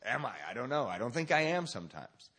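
A man's voice: mid-range voice, big pitch swings, fast talker, bright, forceful tone. Man giving earnest testimony at a recovery meeting, reflective and searching. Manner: reflective, questioning himself. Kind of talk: personal testimony.

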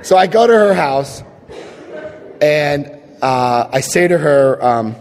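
Animated, self-mocking man in an echoing hall. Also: takes it slowly. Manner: animated and self-mocking, jumps into high yelps for his own past self. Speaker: speaker sharing a recovery story. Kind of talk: storytelling to an audience. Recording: long hall reverb.

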